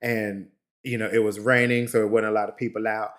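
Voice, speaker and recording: A man hosting a podcast, telling a story in a casual, expressive way. He laughs often, calls his listeners honey, and moves between lively bursts and quiet, reflective stretches. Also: on the low side, brisk. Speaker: podcast host.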